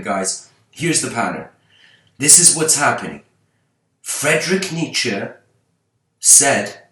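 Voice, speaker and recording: A man's voice: medium pitch, a bit bright, echoey room, poor audio. A man giving an unscripted spiritual talk, musing aloud and full of rhetorical questions. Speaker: spiritual lecturer.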